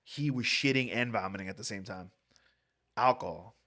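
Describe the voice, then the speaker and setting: A man's voice: lowish voice, normal speed, sharp tone. A young man hosting a podcast, telling rambling stories in casual chat and swearing a lot. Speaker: podcast host.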